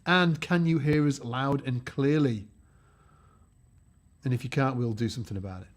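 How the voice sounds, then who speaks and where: A man hosting a live-stream bass lesson, chatty and upbeat, greeting viewers by name. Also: moderate pace. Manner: chatty and upbeat, reads out viewer names, frequent fillers and restarts.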